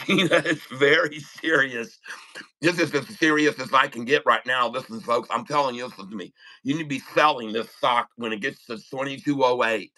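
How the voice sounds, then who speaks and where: A man's voice: mid-range voice, moderate pace, pushed and bright, poor audio. A man with a lisp, chatting casually and joking on a live trading stream, laughing often. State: lisping. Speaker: day trader livestreaming.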